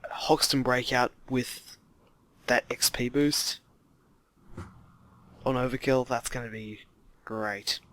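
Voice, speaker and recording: Slow-talking laid-back young man. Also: mid-range voice, fairly even intonation, a bit bright. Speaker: podcast co-host. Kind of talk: casual gaming podcast chat.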